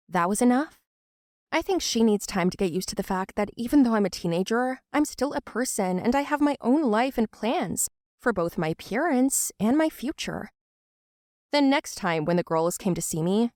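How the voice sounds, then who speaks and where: A woman narrating a first-person animated story in an earnest, emotional way. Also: medium pitch, no echo, studio quality.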